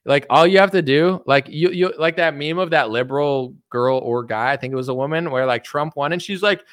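A man's voice: on the high side, fairly quick, clean tone, no echo, clean studio sound. A man giving rambling, sarcastic political commentary in a solo vlog, full of "it's like" and mocking quotes.

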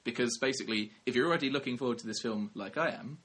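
Quick and slightly rough, with a fairly bright mid-range tone, a young man talks film on the podcast he co-hosts. He chats casually and wryly, drifting off on tangents and catching himself to revise what he said.

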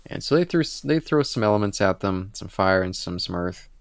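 Low gravelly man chatting on a podcast. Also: brisk, dry recording, studio quality. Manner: animated retelling with acted-out quotes. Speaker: podcast co-host. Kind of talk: casual comic book discussion.

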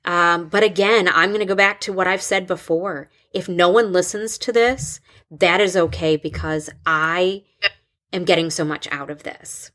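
A woman in her thirties, a school counselor hosting a podcast, talking in a halting, open way with many restarts. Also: on the low side, fairly bright tone. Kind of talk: casual podcast conversation.

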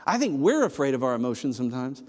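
A man preaching a sermon, swinging between loud emphatic passages and low hushed ones. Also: sing-song, quick pace. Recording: long hall reverb.

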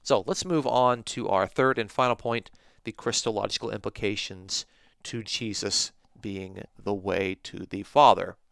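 Measured, emphatic male Bible teacher. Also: fairly low pitch, fairly even intonation, vocal fry, fairly bright tone, no room sound, clean studio sound. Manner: measured, emphatic, stresses key words. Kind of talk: scripted teaching podcast.

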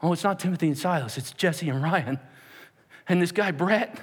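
A man in his forties, a pastor, preaching a lively sermon with jokey stories and acted-out quotes, swinging between loud and hushed. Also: on the high side, normal speed, husky, big-room sound.

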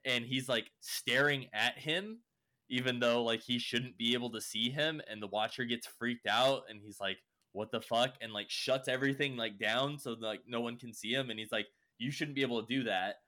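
A man's voice: mid-range voice, steady tone, normal speed, sharp tone. A young man casually recapping a show, rambling with lots of fillers and swearing. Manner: rambling, heavy use of "like" and swearing.

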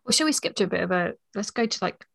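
A woman co-hosting a book podcast, chatting with a laugh and reading passages aloud in a soft, even voice. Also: fairly low pitch, rapid-fire, vocal fry. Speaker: podcast co-host.

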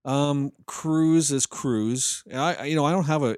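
A man's voice: on the high side, measured pace, a little mellow, smooth, no room sound, studio quality. A man co-hosting a casual chat, easygoing and agreeable, telling stories with animation. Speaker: podcast co-host.

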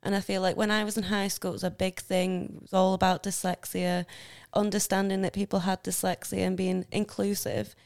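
A woman's voice: medium pitch, flat delivery, brisk, vocal fry, darkish tone. A woman, a university student who volunteers in schools, talks earnestly in casual chat with many hesitations.

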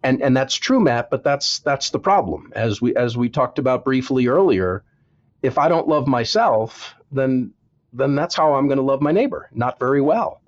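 A man's voice: medium pitch, expressive, moderate pace, highs cut off. A man, an author being interviewed, giving earnest advice and repeating words for emphasis. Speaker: author and guest. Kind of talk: interview, preaching-style advice.

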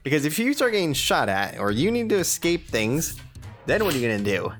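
A man's voice: on the high side, very animated, fairly quick, music in the background. A man playing a tabletop role-playing game in a playful, sometimes exasperated way. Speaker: player.

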